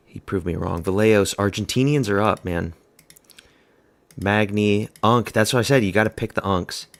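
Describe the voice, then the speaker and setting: A man's voice: on the low side, normal speed, vocal fry. A man giving casual, rambling live reaction commentary at a fight watch party, blunt and offhand. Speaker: MMA fan host of a watch party stream.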